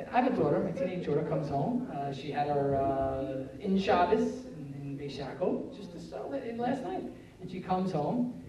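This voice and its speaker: A man giving a live talk on parenting, animated and acting out family scenes in quoted voices. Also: high voice, dull audio. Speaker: parenting lecturer. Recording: roomy echo, speaker far from the mic.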